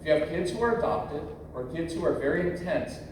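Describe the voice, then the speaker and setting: A man's voice: on the high side, lively intonation, a little fast, background noise. A man in his fifties giving a live parenting workshop, telling stories and acting out quotes with humor. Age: 50s. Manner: storytelling, acts out quotes, jokes with the crowd. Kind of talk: live workshop talk to an audience. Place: large convention hall. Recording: echoey hall, mic heard from far off.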